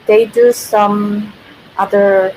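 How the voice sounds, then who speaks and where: Slow-talking Korean woman teaching grammar. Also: mid-range voice, level tone, a little mellow, rough recording. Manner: chatty, laughs often, reads viewer comments. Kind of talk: casual livestream lesson. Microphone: built-in computer mic. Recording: faint background noise, built-in mic.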